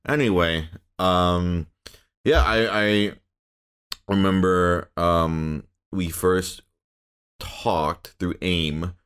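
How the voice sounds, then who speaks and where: A man hosting a relaxed podcast conversation in a very low voice. He jokes around and talks in loose, rambling bursts, often restarting his sentences. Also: drawn-out words, clear, resonant tone. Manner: joking, rambling, with many restarts. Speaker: podcast host. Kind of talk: casual podcast chat.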